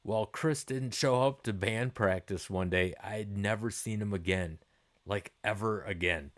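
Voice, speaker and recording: Unhurried and fairly bright in tone, a middle-aged man with a voice on the low side runs a livestream. He answers comments in relaxed chat with his audience, laughing readily and swearing freely.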